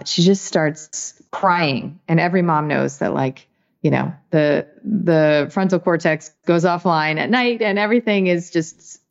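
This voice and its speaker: A woman's voice: low voice, vocal fry, lo-fi sound. A woman speaking as an interview guest, talking in an earnest, reflective way with many "you know"s and "right"s. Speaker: guest, author. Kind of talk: casual interview talk.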